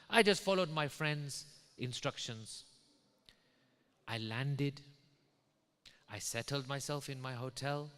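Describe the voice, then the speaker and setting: A British preacher tells a moving story to his congregation, his fairly high voice climbing to loud, emotional peaks. The sound carries a long reverb from the large hall he speaks in. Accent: British English. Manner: dramatic, rising to loud emotional peaks while retelling a story. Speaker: sheikh giving a religious lecture. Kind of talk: sermon storytelling.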